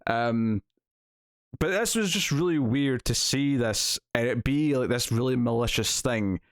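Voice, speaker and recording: A man's voice: medium pitch, measured pace, no echo, studio quality. A Scottish man co-hosting a casual TV review chat, talking animatedly. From Scotland. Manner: animated, acts out quotes in put-on voices. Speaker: TV review co-host.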